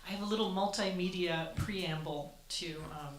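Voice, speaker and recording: A woman's voice: lowish voice, normal speed, crowd noise. A woman getting ready to tell her story at a church event, laughing off a mic problem. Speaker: next storyteller. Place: church hall. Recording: echoey hall with clear noise.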